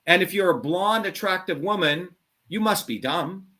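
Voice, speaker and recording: A middle-aged man with a voice a little higher than most men's holds forth on a call-in show. He is blunt and combative, swears freely and leans hard on his points in a heated monologue. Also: expressive, normal speed, sharp tone. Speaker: show host.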